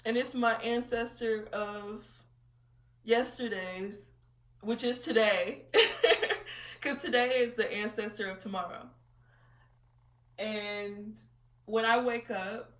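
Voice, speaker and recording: A woman with a medium-pitched, fairly bright voice vlogs from home in a casual personal monologue, reflecting candidly, swearing, and laughing a lot. The recording has a roomy echo, and she sounds distant from the mic.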